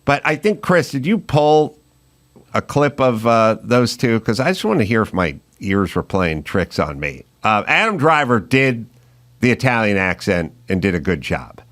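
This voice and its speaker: A man's voice: lowish voice, sing-song, moderate pace, a bit bright. Man hosting a casual podcast chat. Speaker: podcast host.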